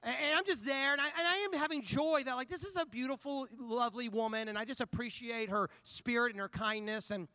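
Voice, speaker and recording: A man preaching a sermon, telling a personal story in an animated, conversational way before turning to scripture. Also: very high-pitched, fairly quick, hardly any pauses, no echo. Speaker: pastor.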